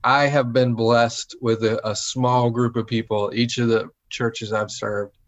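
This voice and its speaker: In an unhurried, medium-pitched voice, a pastor talks in a relaxed, conversational way, bringing other people's words to life by acting them out. The recording is dull and lo-fi.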